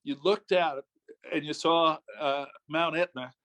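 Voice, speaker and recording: This older New Yorker, a former politician from New York State, USA, is an interview guest telling laid-back anecdotes. His voice sits on the high side, slightly bright, with a steady tone and a somewhat slow pace.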